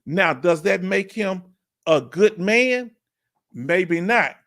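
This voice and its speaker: High-voiced host working the chat. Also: male voice. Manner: animated, drawn-out emphasis, questions to viewers. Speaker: live stream host. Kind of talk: casual live-stream chat.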